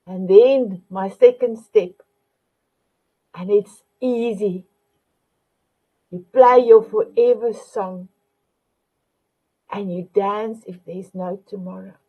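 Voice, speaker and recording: A woman's voice: medium pitch, slow pace, pauses often, breathy edge. A woman hosting a motivational talk show, who keeps calling her viewers her beautiful ones. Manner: warm, affectionate address, repeats "my beautiful ones". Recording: dull lo-fi sound.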